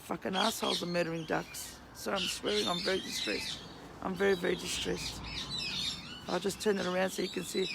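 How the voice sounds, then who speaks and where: Out by a duck pond, with birds singing and ducks quacking loudly all around, an Australian vlogger and counsellor delivers an emotional, swearing, pleading rant. The voice is mid-range, gravelly, brisk, and level in tone, but strained and starting to go.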